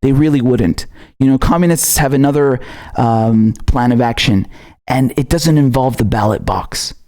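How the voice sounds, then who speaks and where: A man's voice: medium pitch, moderate pace, darkish tone. A man hosting a livestream of political commentary. He reads viewer messages and rants angrily, with lots of swearing. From outside the United States. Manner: angry, profane ranting with laughter.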